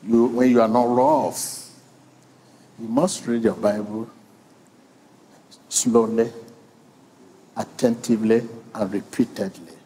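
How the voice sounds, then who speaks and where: A man's voice: medium pitch, slow pace, pauses often, dark tone, a little hiss or hum. A man preaching a sermon with emphatic repetition, drawing in the congregation. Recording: long reverb of a large hall.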